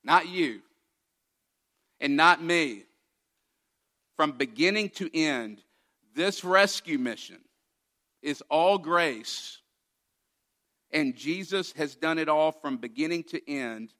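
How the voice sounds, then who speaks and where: A male pastor delivers a sermon with a bright, forceful tone pitched somewhat high. He speaks emphatically, walking listeners through the text and pressing them with rhetorical questions. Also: animated, takes it slowly, pauses often.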